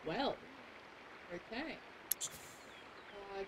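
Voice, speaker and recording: A woman streaming a game, reading its text aloud and muttering quiet asides while she builds. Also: a little high, measured pace, background noise.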